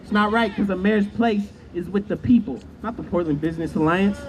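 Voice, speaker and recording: A man's voice: high voice, fairly quick. A man giving a fiery, rhetorical speech at an outdoor street protest. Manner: fiery, rhetorical, chants with crowd. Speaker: protest speaker. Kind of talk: impassioned rally speech. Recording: loud crowd and street noise.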